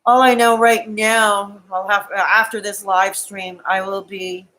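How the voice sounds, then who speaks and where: A woman's voice: medium pitch, little pitch movement, slow, bright, forceful tone, low-quality recording. A woman on a live stream, crying as she talks to her viewers in a raw, emotional and defensive way. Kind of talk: tearful live-stream monologue.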